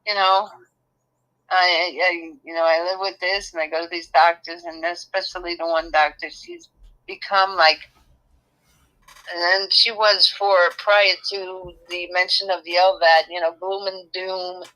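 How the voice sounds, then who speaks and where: A woman's voice: fairly low pitch, level tone, unhurried, sharp tone, poor audio. An older woman with a Brooklyn accent, speaking bluntly and emotionally in a casual chat with her son, often repeating herself. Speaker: guest, host's mother.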